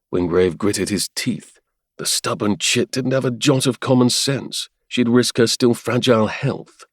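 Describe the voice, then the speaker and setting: A man narrating a romance audiobook in a measured, even storytelling manner. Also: on the low side, no echo, studio quality. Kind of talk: scripted narration.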